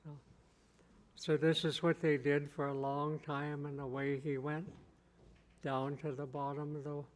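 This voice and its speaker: Slow, level-voiced male storyteller. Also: on the high side, little pitch movement. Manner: slow, repetitive, plain-spoken. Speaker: tribal chief, keynote speaker. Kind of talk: traditional oral storytelling.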